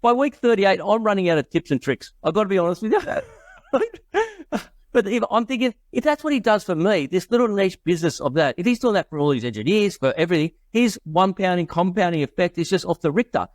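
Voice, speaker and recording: An Australian middle-aged man, a guest investor, tells business stories in a casual podcast interview, laughing often and quoting people in their voices. His voice sits high with a darkish tone, and he talks very animatedly at a brisk clip. The recording is dry.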